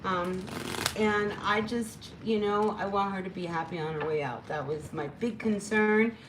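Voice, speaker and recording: A woman's voice: mid-range voice, measured pace, noisy background. A woman giving a casual spoken tarot reading, chatty and encouraging, rambling with lots of fillers. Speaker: tarot reader.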